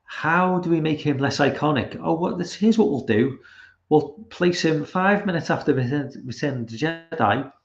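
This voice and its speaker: A man's voice: a little high, a little mellow. A young man hosting a livestream, reading chat and ranting casually with lots of swearing and restarts. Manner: rambling, swearing, many restarts. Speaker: livestream host. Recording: roomy, dull lo-fi sound.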